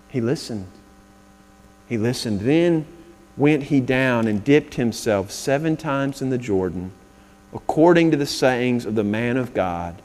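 A man preaching a sermon as pastor, swinging between loud, dramatic passages and hushed, earnest ones. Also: mid-range voice. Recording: long reverb of a large hall.

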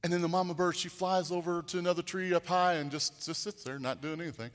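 A man's voice: on the high side, quick pace, few pauses. Folksy preacher man in a hall. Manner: rambling folksy storyteller with many restarts. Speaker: pastor. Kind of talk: sermon storytelling.

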